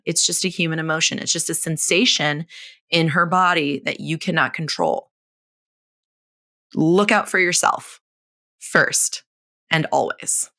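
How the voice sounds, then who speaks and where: A woman in her thirties hosting a solo podcast, coaching in a blunt, frank and animated way, swearing casually and laughing often. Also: on the low side. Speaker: podcast host.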